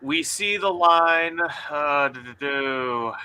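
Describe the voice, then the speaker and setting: A man hosts a relaxed book review chat, reading prose aloud and critiquing it playfully, with a taste for dramatic pauses. His voice is very bright and ringing, at a middle pitch.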